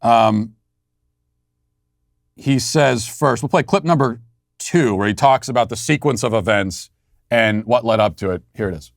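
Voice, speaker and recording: A man's voice: mid-range voice, unhurried, gravelly, long pauses, no echo, studio quality. A man hosting a podcast, telling a story in a sardonic, mock-outraged way. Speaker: podcast host. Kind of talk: casual monologue.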